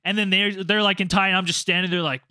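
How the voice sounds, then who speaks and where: A man telling a casual story to friends, animated and profane, acting out quotes loudly. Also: high-pitched, fast, clear, resonant tone, dry recording, clean studio sound. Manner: animated, acts out quotes, swears a lot. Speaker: storyteller, former teacher abroad.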